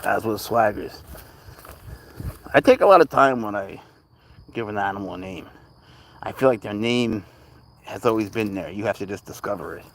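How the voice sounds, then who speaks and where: Walking his leashed cat outdoors, a male livestreamer on a cat channel chats casually and rambles, addressing both his viewers and the cat. His voice is fairly low with vocal fry, at normal speed with long pauses and a little hiss or hum.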